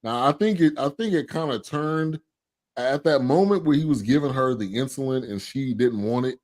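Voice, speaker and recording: Give me a man with a middle-pitched voice co-hosting a movie review show. He talks in a relaxed, halting way and reads out listener comments. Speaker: podcast co-host. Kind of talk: casual movie review chat.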